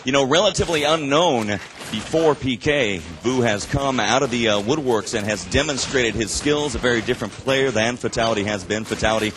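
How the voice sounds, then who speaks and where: A man doing live esports play-by-play at an event, excitable and breathless, surging into shouts at big plays. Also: mid-range voice, a little fast, background noise. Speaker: esports commentator.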